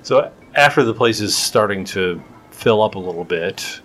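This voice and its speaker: Deep-voiced man running a tabletop game. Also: expressive, moderate pace, fairly bright tone. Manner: loose, rambling, full of fillers. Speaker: game master.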